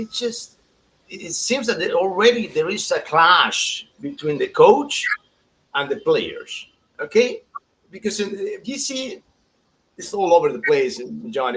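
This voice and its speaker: A man co-hosting a soccer show in a casual, animated chat, laughing often and restarting his sentences. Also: medium pitch, a little hiss or hum, rough recording.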